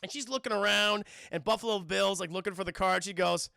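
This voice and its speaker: Young male streamer, bright forceful tone, dry close sound, rambling and profane. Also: high voice, fairly even intonation, fairly quick, vocal fry, no echo. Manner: rambling, profane, addresses chat constantly. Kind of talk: casual film recap to a live chat.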